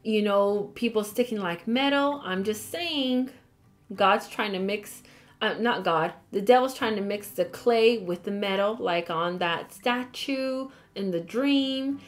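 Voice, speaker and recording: A woman's voice: mid-range voice, slow pace. A woman giving a casual Bible study, reading scripture aloud and adding chatty, apologetic asides. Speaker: Bible teacher.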